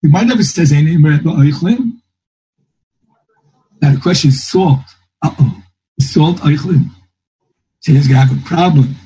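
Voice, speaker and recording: A man's voice: a little high, normal speed, pauses often, mellow, breathy edge, poor audio. A man teaching a Talmud class, thinking aloud and quoting texts in a lilting singsong. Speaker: Torah teacher.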